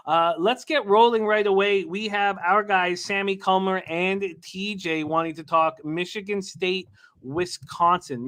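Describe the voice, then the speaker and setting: A man hosting a live sports betting show, rattling off betting lines quickly and hyping up his guests. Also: on the high side, a bit bright. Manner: rapid-fire reading of betting lines.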